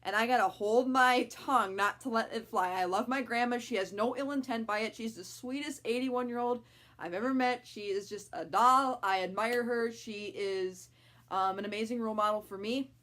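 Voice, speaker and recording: A woman's voice: a little high, normal speed, a bit bright. A young adult woman talking frankly to camera in a casual vlog, with lots of fillers. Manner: frank, chatty, many fillers. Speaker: vlogger.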